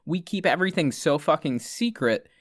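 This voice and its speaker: A young man hosting a podcast, telling a story in a casual, animated way, swearing often and acting out what others said. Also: on the high side, moderate pace, no echo, studio quality. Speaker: podcast host.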